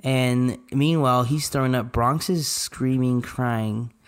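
A man in his thirties, co-hosting a podcast, telling a family story in a relaxed, matter-of-fact way with dry asides. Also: mid-range voice, takes it slowly, smooth. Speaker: podcast co-host. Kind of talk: casual storytelling.

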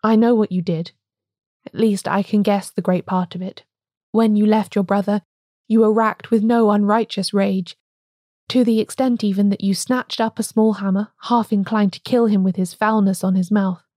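A woman voicing a calm, wise male priest who speaks gravely and gently in an audiobook reading. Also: high voice, moderate pace, dry recording, studio quality, lightly acted. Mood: gentle.

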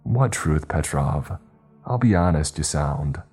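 A man's voice: very deep voice, expressive, takes it slowly, a little mellow, husky, soft background music, exaggerated voice. A man voicing a wary young woman store worker, who sounds cautious and defensive.

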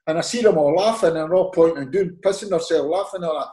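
Speaking at a quick pace with a fairly high pitch, this Scottish ex-footballer guesting on a podcast spins animated anecdotes in a roomy-sounding space. He performs the quoted dialogue and laughs frequently.

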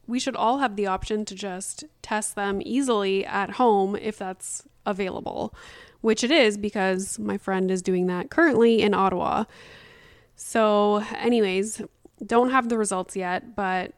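A woman, hosting a casual solo podcast in a chatty, animated way, full of fillers and asides. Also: medium pitch, smooth, dry recording, studio quality. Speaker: podcast host.

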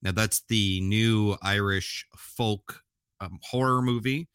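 A man's voice: fairly low pitch, slow, fairly bright tone, clean tone, dry recording, clean studio sound. A man hosting a podcast alone, chatting casually and enthusiastically, often restarting his sentences. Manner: chatty, enthusiastic, self-correcting with frequent restarts. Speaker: podcast host. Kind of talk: casual solo podcast talk.

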